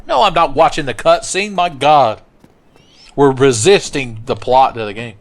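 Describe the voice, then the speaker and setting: A man's voice: medium pitch, unhurried. A man giving sarcastic, profane let's play commentary, taunting the enemies he fights. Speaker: gaming commentator. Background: faint game music.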